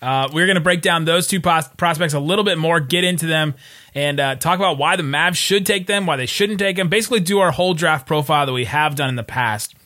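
A man hosting a casual sports podcast, joking and relaxed as he chats with his co-host. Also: on the high side. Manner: joking, relaxed, quick asides.

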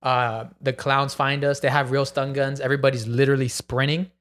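A man's voice: medium pitch, level tone, a little fast, a bit bright. A man in a casual chat, telling a wild story with gasps, acted-out quotes and plenty of swearing.

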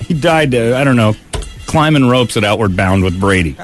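A man's voice: medium pitch, lively intonation, moderate pace. A man hosting a radio show, joking, laughing often and slipping into impressions. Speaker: radio host. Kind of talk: casual chat.

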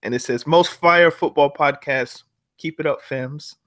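A man with a bright, fairly high voice hosts a casual football podcast. He talks in a relaxed way, pausing on ums as he reads out listener reviews and chats with his co-host. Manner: relaxed, hesitant with frequent ums.

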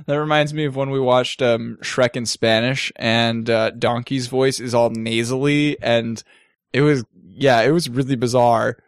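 A man's voice: medium pitch, steady tone, unhurried, clear, resonant tone, dry recording, studio quality. Wry young male co-host. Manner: wry, laughs easily, reads news items. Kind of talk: casual gaming news chat.

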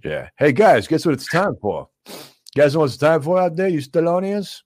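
A man's voice: fairly high pitch, sing-song, normal speed, darkish tone. A man playing a mumbling, boastful middle-aged male action-movie star as a comic talk show host. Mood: hyped, boastful. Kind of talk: comedic celebrity impression.

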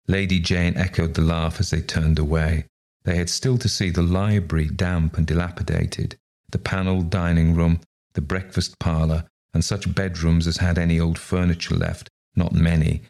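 A man reading a ghost story aloud in a measured, unhurried way. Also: low-pitched, level tone, creaky, a little mellow. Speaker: story reader.

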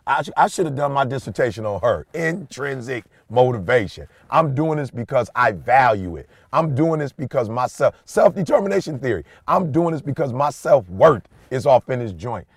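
Middle-aged man telling a lively story. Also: medium pitch, moderate pace, gravelly, breathy edge, dry recording, clean studio sound. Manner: animated storytelling, slangy and emphatic. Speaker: podcast co-host. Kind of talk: casual chat.

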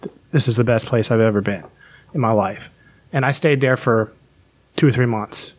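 On a podcast, a guest from West Virginia tells his life story in casual, candid chat full of swearing. His voice sits in the mid-range and moves at a normal speed.

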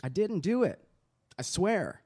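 A shifty male prisoner who speaks with hesitation and a wildly swinging pitch, his voice dark and mellow, as an actor plays him. He sounds defensive and evasive in this stage play. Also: sing-song, measured pace, breathy edge, exaggerated voice. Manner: hesitant, insistent denial.

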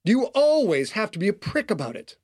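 A man's voice: high voice, very animated, a little fast, darkish tone, pitched above the performer's own voice. A man voicing a cultured, buttery-voiced male satyr butler with a prissy, put-upon manner. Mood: peeved.

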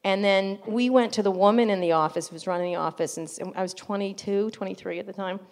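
A middle-aged woman journalist being interviewed, telling stories bluntly and with animation, laughing often. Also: mid-range voice. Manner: blunt, animated, quick to laugh, mimics others in anecdotes. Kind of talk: casual storytelling interview.

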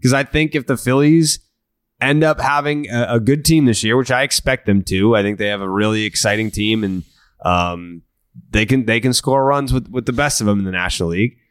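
A man's voice: mid-range voice, fairly quick, clean tone, no echo, clean studio sound. A man co-hosting a casual baseball podcast. He talks in a conversational, profane and analytical way. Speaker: podcast co-host. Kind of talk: casual sports chat.

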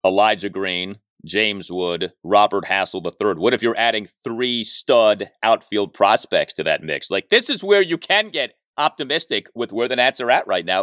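A male podcast host in casual chat, talking in an upbeat, excitable way. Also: fairly low pitch, moderate pace, no room sound, clean studio sound.

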